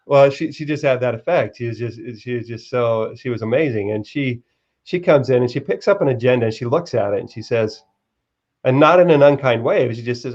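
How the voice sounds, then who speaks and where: A man's voice: medium pitch, a little mellow. Earnest man telling a story, lo-fi sound. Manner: earnest, halting with repeated restarts. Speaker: guest author. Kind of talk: storytelling in a live-stream interview.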